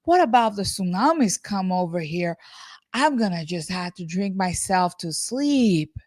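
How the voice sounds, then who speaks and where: A woman's voice: on the low side, expressive, measured pace, a little mellow, dry recording, clean studio sound. A woman putting on a spacey, drawling rich Southern lady. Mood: dreamy, fretful.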